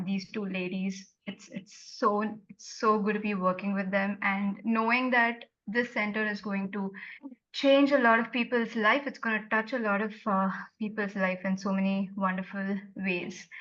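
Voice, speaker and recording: Woman, earnest, halting fillers, muffled sound. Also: mid-range voice, a bit bright. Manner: earnest, hesitant with many fillers. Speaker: executive director, former birthing mother. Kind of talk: panel discussion remarks.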